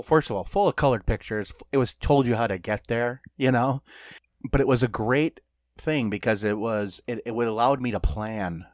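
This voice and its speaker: A man's voice: fairly low pitch, no room sound, clean studio sound. A middle-aged man co-hosting a podcast, telling stories in a loose, rambling way with lots of fillers and laughs. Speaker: podcast co-host. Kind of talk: casual podcast chat.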